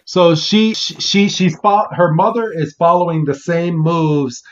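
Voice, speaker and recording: A man's voice: a little high, steady tone. A man co-hosting a podcast, recapping an episode in casual chat with frequent restarts. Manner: halting, stop-start delivery. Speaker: podcast co-host. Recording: dull lo-fi audio.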